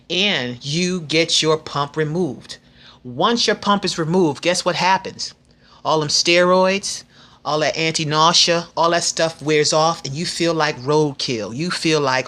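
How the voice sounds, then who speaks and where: Fifty-something woman vlogging, bright forceful voice, frank and chatty, lots of restarts. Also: sits low, unhurried. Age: 50s. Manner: frank, earnest and faith-filled. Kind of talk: casual advice vlog.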